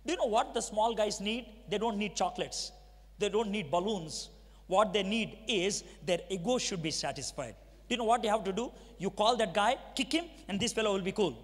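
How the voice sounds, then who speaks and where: A middle-aged preacher with a Telugu accent and a strikingly high voice, telling his story to a crowd and acting out every exchange. His words ring through a big hall with a long, lingering echo. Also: lively intonation, fast talker. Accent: Telugu-accented Indian English. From Andhra Pradesh, India. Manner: storytelling, acts out dialogue, asks the audience questions. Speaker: preacher giving his testimony. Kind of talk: dramatic testimony sermon. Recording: long reverb of a large hall.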